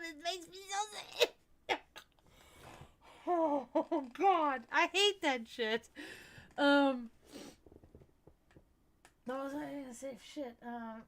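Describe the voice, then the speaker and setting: A woman's voice: high-pitched, a bit bright. A woman hosting a livestream, chatting casually in a rambling, profane way and laughing often. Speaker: livestream host.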